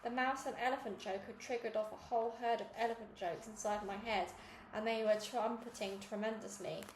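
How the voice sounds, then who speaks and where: A woman reading a children's novel aloud in a lively storytelling manner. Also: fairly high pitch, a little fast, roomy sound, slight background noise, rough recording. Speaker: reader.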